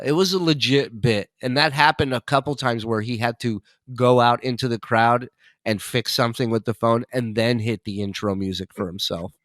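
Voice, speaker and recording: Casting: male podcast guest, animated raunchy storyteller, dead-dry studio sound. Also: fairly low pitch, no room sound. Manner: animated, profane, laughs while telling stories. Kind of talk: casual storytelling.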